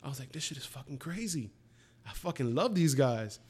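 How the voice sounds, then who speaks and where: A man's voice: mid-range voice, a little fast, husky. A man in his twenties chatting casually, telling profane stories and acting out the quotes. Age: 20s. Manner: profane, animated storytelling with acted-out quotes. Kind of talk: casual chat.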